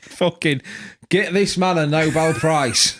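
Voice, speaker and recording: A man's voice: a little high, takes it slowly, slight background noise. A man co-hosting a podcast, teasing and joking crudely in casual banter. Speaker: podcast co-host.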